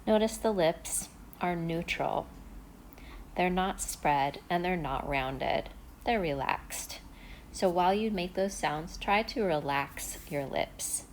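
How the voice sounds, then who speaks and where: A woman teaching pronunciation in a slow, deliberate demonstration, drawing out each vowel sound. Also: on the low side, slight background noise.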